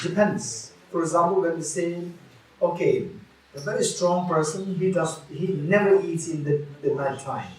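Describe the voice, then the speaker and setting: Guy teaching buddhism at a retreat, kinda high voice, echoey room, mic a bit far. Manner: repeats key phrases, many restarts and fillers.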